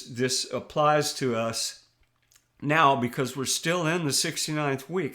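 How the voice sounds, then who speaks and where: Man, preacher, scripture teaching, impassioned, scornful, restarts, mid pitch. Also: fairly bright tone. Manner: impassioned and scornful, addressing listeners as beloved; reads verses aloud then comments with frequent restarts.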